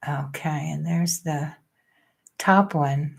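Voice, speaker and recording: A woman's voice: fairly low pitch, takes it slowly. An older woman astrologer chatting casually on a livestream, thinking aloud and joking about her trouble with the technology.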